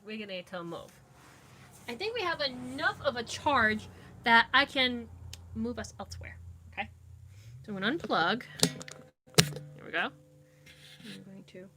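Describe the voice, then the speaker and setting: Against a noisy background, a young woman speaks in a mid-range voice during a casual live chat with viewers. The vlogger, filmed on a phone in her dim home, rambles and loses her train of thought.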